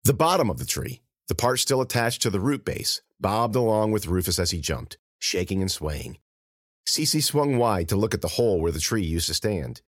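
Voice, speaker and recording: Expressive male audiobook narrator. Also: sits low, moderate pace, no room sound. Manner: expressive, animated reading.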